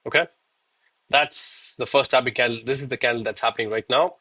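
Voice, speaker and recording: A man's voice: medium pitch, steady tone, a little fast, sharp tone, breathy edge. Breathless, chatty man in his thirties. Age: 30s. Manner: casual, chatty, calls viewers bro and man. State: out of breath between push-ups. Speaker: live trading streamer. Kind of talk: live-stream commentary and chat.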